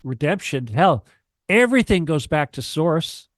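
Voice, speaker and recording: A man with a slightly high voice lectures a radio audience, swearing often and hammering his points through repetition. He sounds close to the microphone, with almost no room around him. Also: normal speed, no room sound. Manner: profane, emphatic, preachy, repeats himself. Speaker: guest on a radio talk show. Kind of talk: ranting radio talk.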